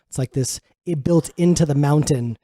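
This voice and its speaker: A man's voice: on the high side, normal speed, warm tone, no echo, studio quality. A man co-hosting a casual radio talk show from a home office in a hillside, rambling and restarting as he tells stories.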